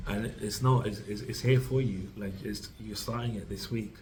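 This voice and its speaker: Tarot reader, male, low monotone voice, rambling delivery full of "like" and "you know", reassuring. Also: moderate pace, few pauses, a little hiss or hum, rough recording. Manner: rambling, full of fillers and restarts; reassuring, speaks directly to the listener. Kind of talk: tarot reading to camera.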